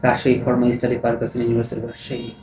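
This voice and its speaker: A young man with a Bangladeshi accent answering a mock speaking exam, halting and often restarting his phrases. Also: medium pitch, monotone, darkish tone. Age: young adult. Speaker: test candidate. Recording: echoey room with faint noise.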